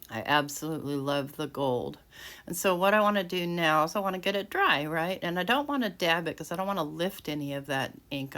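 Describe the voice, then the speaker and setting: In her home craft room, a woman casually walks through each step of making a handmade card, narrating as she works and often restarting. Her voice sits low with a fairly bright tone.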